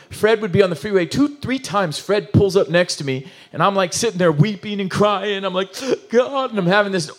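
A man preaching a sermon in an animated, emotional, conversational way, full of asides and restarts. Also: high voice. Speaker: pastor.

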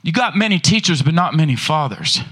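A man pastor preaching a lively sermon in a church, throwing rhetorical questions at the congregation. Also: a little high, brisk, husky.

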